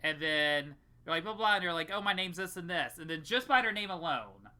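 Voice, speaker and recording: A man's voice: a little high, lively intonation, fairly quick, bright, forceful tone. A young man co-hosting a podcast in casual chat, rambling and swearing freely. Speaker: podcast co-host.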